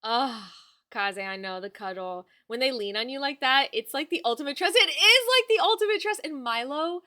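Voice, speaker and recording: Woman streaming from home, chatty and sweet with her dog, bright slightly high voice. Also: lively intonation, normal speed. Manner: chatty, affectionate, fussing over her dog between replies. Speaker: livestreamer. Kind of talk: casual chat with viewers.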